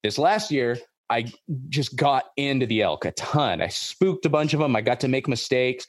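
An excitable man hosts a casual podcast chat, rambling and circling back on his words. His voice sits at an ordinary middle pitch. The sound is dry and close, with no room in it. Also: normal speed, no room sound. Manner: excitable, rambling, repeats himself. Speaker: podcast host.

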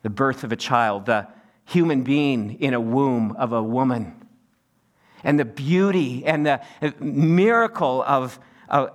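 Middle-aged male pastor, high voice, preaching with big swings in pitch. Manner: wide pitch swings, rising to emphatic peaks. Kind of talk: sermon.

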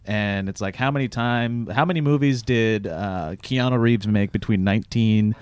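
A man's voice: lowish voice, normal speed, clean tone. A man hosting a podcast, asking loose, rambling questions. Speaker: podcast host. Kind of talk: casual podcast interview.

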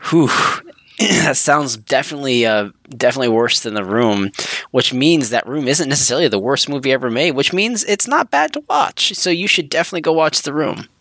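A male podcast co-host who hesitates and clears his throat before making his point, his voice at an ordinary middle pitch. The recording is close and dry. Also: lively intonation, fairly quick, fairly bright tone, dry recording. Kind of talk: casual podcast chat.

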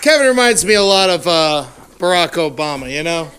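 A man's voice: fairly high pitch, animated, brisk, background noise. A man emceeing a live comedy roast on stage, firing punchy one-liners with sarcastic asides and bringing up the next roaster. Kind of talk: live stand-up roast hosting. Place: stage before a live audience.

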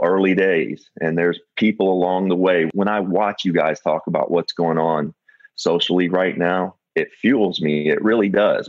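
A middle-aged man speaks candidly and reflectively as a guest, in a very low voice. The audio is dull and lo-fi with no room sound around it. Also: no echo. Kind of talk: candid personal storytelling.

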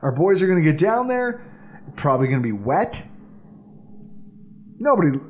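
A man hosting a sports podcast, running through the game preview with animated, dramatic delivery. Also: on the high side, moderate pace, a little hiss or hum. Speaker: podcast host. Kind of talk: excited sports podcast banter.

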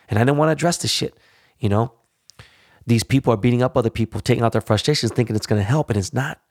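A man's voice: mid-range voice, fast talker, vocal fry, a little mellow, no room sound, clean studio sound. A man hosting a podcast, ranting bluntly and swearing heavily, punctuating points with "all right?" and "you know?". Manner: frequent tag questions like "all right?". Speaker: podcast host. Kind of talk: profane monologue.

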